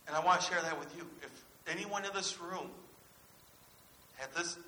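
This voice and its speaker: A man's voice: a little high, normal speed, pushed and bright. A man preaching a sermon as pastor, earnestly putting questions to his congregation. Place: church. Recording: echoey church room with faint hiss.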